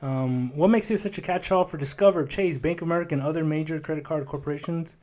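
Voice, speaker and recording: A man's voice: fairly high pitch, fast talker, a little mellow. Rambling jokey man in his twenties. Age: 20s. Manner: rambling, jokey, full of fillers and restarts. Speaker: podcast co-host. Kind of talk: casual chat.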